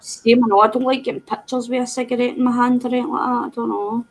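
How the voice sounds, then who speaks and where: A woman's voice: fairly high pitch, level tone, fast, over music, rough recording. A woman chatting frankly and casually over a video call, often trailing off mid-thought. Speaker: guest in a craft video chat. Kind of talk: casual chat.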